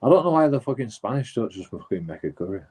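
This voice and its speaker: A man's voice: mid-range voice, sing-song, fast, dark tone, husky. A man telling a rambling, sweary story as a streamer, full of restarts and asides. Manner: rambling, sweary, lots of "you know" and restarts. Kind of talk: casual storytelling.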